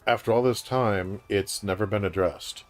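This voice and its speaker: A man's voice: lowish voice, normal speed, soft background music. Wry older New man. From New York. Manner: wry, dryly theatrical. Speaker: co-host playing the game. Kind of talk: casual gaming chat.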